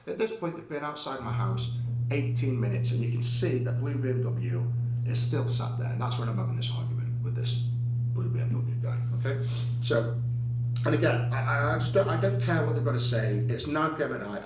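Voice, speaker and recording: A man tells a confrontation story in a blunt, heated way and swears freely. His voice sits at a middling pitch. It sounds roomy and distant, like clip audio caught away from the mic. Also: expressive, fairly quick, heavy background noise. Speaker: guest recounting an incident.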